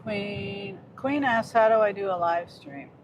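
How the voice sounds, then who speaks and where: Slow-talking woman livestreaming from her car. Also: mid-range voice, dull audio. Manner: reads viewer comments aloud while chatting. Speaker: delivery driver livestreaming. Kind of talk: casual live stream chat. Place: inside a car while driving. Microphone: phone mounted on the dash. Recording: noisy in-car phone recording.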